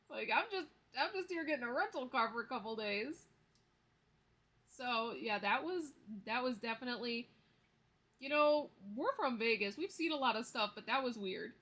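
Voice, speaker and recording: A woman's voice: on the high side, expressive, moderate pace, pauses often, a bit bright. A woman in her thirties chatting casually to camera as she counts cash, telling stories with easy laughs. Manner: chatty storyteller, counts bills aloud, laughs easily. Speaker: budgeting vlogger.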